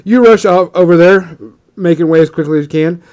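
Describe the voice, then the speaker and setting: A man narrating a tabletop game as its game master, with a fairly high voice. He describes the action loosely, leaning on fillers and casual phrasing. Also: brisk, darkish tone, smooth.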